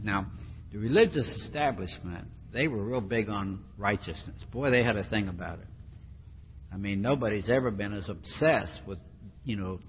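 A man's voice: on the low side, normal speed, slight background noise. A man preaching a sermon in a conversational, emphatic way, repeating phrases for weight, recorded with a dull, lo-fi sound in a reverberant hall.

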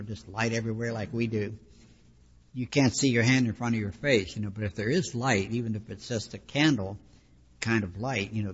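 This preacher's voice is husky and on the low side. He explains scripture in a conversational, teaching sermon with many asides, heard through a dull lo-fi recording drenched in long hall reverb.

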